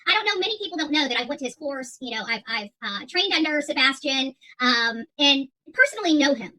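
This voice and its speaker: A woman's voice: high voice, expressive, fairly quick, bright, forceful tone, rough recording. A woman hosting her own channel, talking straight to viewers in a heated, defiant monologue, with many fillers and repeated words. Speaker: YouTube channel host.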